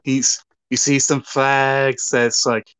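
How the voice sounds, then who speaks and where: A man co-hosting a casual podcast, talking through a story scene like camera directions, with halting restarts. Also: mid-range voice, level tone, a bit bright, clear, resonant tone, no room sound. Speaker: podcast co-host.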